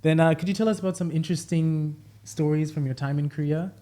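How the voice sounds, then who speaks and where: A woman's voice: deep voice, fairly even intonation, quick pace, warm tone. A woman hosting a talk show, upbeat, affirming and laughing with guests. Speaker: host. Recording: music playing behind.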